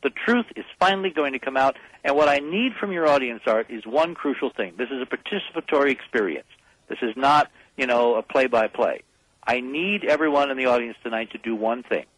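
A man's voice: medium pitch, no room sound, rough recording. A man as a guest on a call-in radio show, speaking emphatically and urgently, rallying the listeners.

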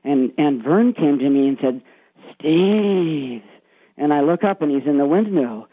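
A man phones in to a radio show and earnestly retells a story he heard, with plenty of "uh"s along the way. His voice sits a little high for a man. It comes through thin and tinny, like a phone line. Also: expressive, fairly quick, no room sound. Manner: earnest, retelling a secondhand story with many fillers. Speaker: caller.

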